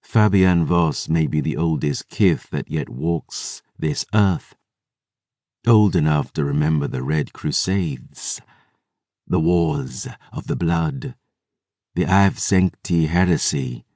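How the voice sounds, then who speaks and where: A man reading an audiobook voices a grave vampire woman with a soft, hushed, solemn way of speaking. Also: a bass voice, takes it slowly, no room sound, clean studio sound, exaggerated voice.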